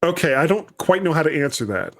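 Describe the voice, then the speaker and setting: A man's voice: a little high, very animated, fast. A man with a London accent hosting a podcast, chatty and self-deprecating in casual talk. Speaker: podcast host. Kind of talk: casual chat.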